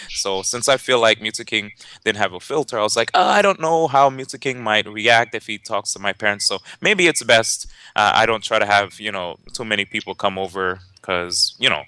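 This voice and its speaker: This young man organizes and commentates tournaments, and here he's casually telling a story in an interview. He's lively and keeps laughing, with lots of fillers and restarts. His pitch is fairly low, and there's no room sound.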